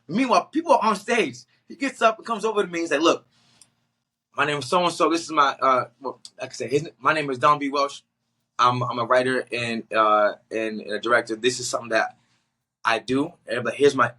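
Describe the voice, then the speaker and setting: Young guy from boston way, podcast guest, slangy and animated, acts out everybody's lines, bright forceful voice. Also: medium pitch. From Boston area. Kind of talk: casual storytelling.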